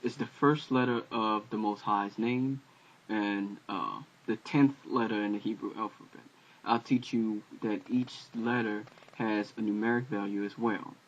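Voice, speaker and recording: Halting man teaching letters, lo-fi audio. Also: fairly low pitch, steady tone, a little hiss or hum. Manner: halting, many fillers and self-corrections. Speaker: language teacher. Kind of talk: casual home-made video lesson. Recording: dull lo-fi home video audio.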